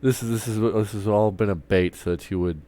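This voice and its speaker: The speaker is a man with a lowish, dark voice who talks fairly quickly in a steady tone. He's ranting casually on a live stream, cursing a lot, meandering, and restarting often.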